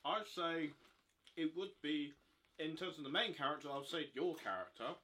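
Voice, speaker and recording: A man's voice: a little high, normal speed, pushed and bright. A young man in a casual chat with friends, blunt and mocking.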